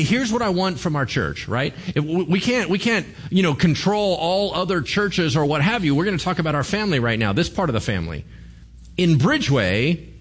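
Animated casual-talking male pastor. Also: fairly high pitch. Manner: casual storytelling with slang, acting out characters. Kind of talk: sermon.

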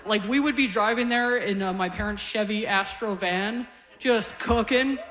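A woman's voice: medium pitch, normal speed, fairly bright tone, big-room sound. A woman in her forties from Canada doing a stand-up comedy set on stage, telling wry, conversational stories to a live crowd. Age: 40s. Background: audience laughter.

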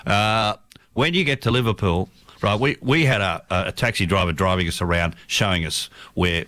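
A man's voice: on the low side, moderate pace, bright, forceful tone, dry recording. A man chatting casually, telling a travel story with many restarts and self-corrections. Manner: rambling, self-correcting, laughs while telling stories.

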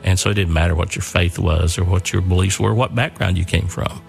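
A man's voice: sits low, steady tone, a little fast, creaky, faint music behind. An older man earnestly telling a personal story, often repeating and restarting his words.

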